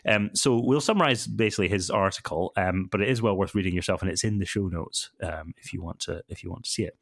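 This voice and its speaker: Deep-voiced man, hesitant podcast host. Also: fast, vocal fry, fairly bright tone, no echo, studio quality. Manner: hesitant, many ums and self-corrections. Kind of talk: casual conversational podcast.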